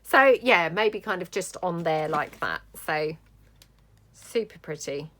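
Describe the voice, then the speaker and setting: A woman's voice: low-pitched, takes it slowly, fairly bright tone. A middle-aged woman chatting casually through a crafting tutorial, thinking aloud as she works. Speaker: craft vlogger.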